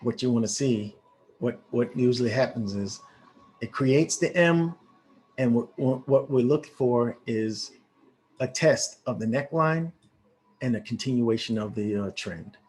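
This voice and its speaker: A man who walks viewers through a live trade as a trading educator. He talks in a casual, excitable way, with quick exclamations and a lot of restarts. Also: mid-range voice.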